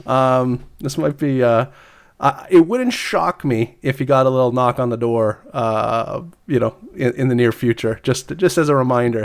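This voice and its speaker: A man's voice: mid-range voice, normal speed. Hesitant male podcast co-host. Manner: hesitant, many fillers, chuckling. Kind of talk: casual podcast chat, reading news.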